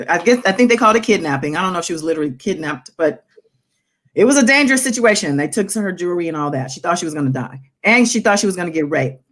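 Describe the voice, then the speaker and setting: A woman hosting a casual talk show, relaxed and agreeable, laughing easily as she shares her thoughts. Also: deep voice. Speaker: podcast host. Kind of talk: casual podcast chat.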